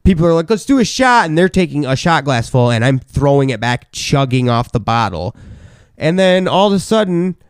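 A young man co-hosting a podcast, telling crude party stories in casual chat and loudly acting out what people said. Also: medium pitch, expressive, normal speed, smooth, no room sound, studio quality. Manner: crude, rowdy storyteller who acts out quotes loudly. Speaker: podcast co-host.

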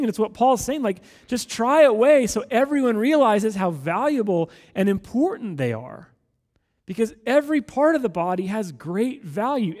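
Male pastor, 30s, casual energetic sermon delivery, higher voice, reverberant church hall. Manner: energetic, conversational, animated asides.

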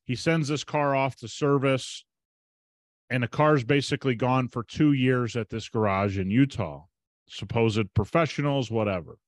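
A man's voice: mid-range voice, normal speed, dry recording. Chatty male podcast host, dry sound. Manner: chatty, emphatic, retells conversations with quoted dialogue. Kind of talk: casual storytelling monologue.

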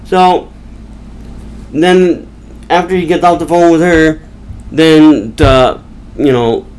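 A man's voice: fairly high pitch, steady tone, slow, darkish tone, clear, resonant tone, low-quality recording. Rambling man recapping a movie. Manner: rambling, chatty, with restarts. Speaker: podcast host.

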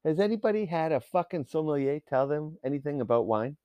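A man's voice: a little high, animated, fairly quick, dark tone, smooth, dry recording. A man talking in a casual solo rant, profane, sarcastic and rambling as he goes.

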